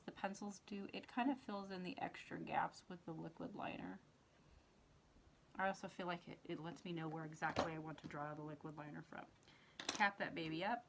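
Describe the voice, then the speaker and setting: A woman's voice: medium pitch, sharp tone, a little hiss or hum. A woman hosting a makeup tutorial, talking casually through each step as she works, with her eyes watering. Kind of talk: casual how-to demonstration.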